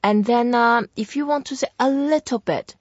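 A woman teaching a language in a patient, explanatory way, repeating words slowly for the listener to practise. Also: fairly high pitch, no echo, muffled recording. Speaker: Mandarin teacher. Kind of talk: language lesson chat.

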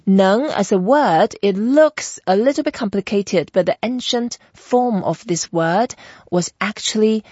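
A woman's voice: mid-range voice, measured pace, a little mellow, husky, no echo. A woman hosting a language lesson who patiently explains and models each sound, step by step, for her guest to repeat. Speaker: Chinese language teacher and host. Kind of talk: teaching pronunciation in an interview. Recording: dull, muffled lo-fi sound.

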